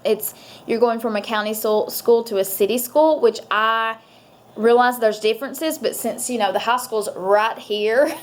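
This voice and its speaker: A woman's voice: fairly high pitch, fairly even intonation, a little slow. Chatty woman vlogging, rambling. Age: adult parent. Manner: chatty, rambling, with many fillers. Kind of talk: casual chat to camera.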